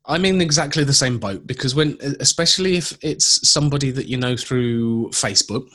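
A man's voice: mid-range voice, brisk, fairly bright tone. A man co-hosting a podcast in casual chat, agreeable and chatty, often restarting his sentences. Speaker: podcast co-host.

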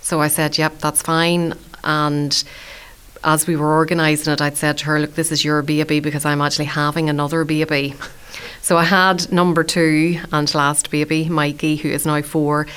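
A woman in her late thirties talks through her story in a low, even voice, clear and smooth. She is chatty and self-deprecating, a community radio food presenter being interviewed. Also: normal speed.

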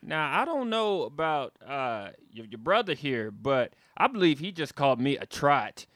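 A man doing a hot-headed rural brawler who blusters and takes offense at every word. The voice sits high and swoops up and down, with a bright, cutting edge. It is recorded close and dry. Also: very animated, dry recording. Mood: indignant. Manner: blustering, drawling, quick to take offense. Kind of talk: improvised comedy sketch.

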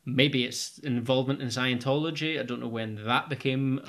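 A man on a casual podcast recaps a film scene by scene. His tone is easygoing, and he chuckles now and then. His voice sits at an ordinary middle pitch for a man. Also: normal speed, heavy background noise. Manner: recaps the plot, relaxed, chuckles.

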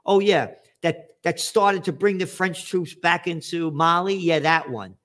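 A man delivering a political commentary rant, sarcastic and profane, rising to angry shouts. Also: fairly high pitch, measured pace.

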